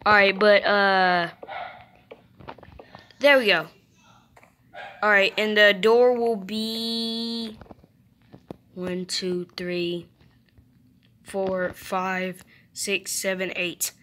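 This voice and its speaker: A woman's voice: mid-range voice, flat delivery, drawn-out words, long pauses, sharp tone, slight background noise. A young woman giving chatty, playful gameplay commentary, talking to the animals in her game. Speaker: gamer.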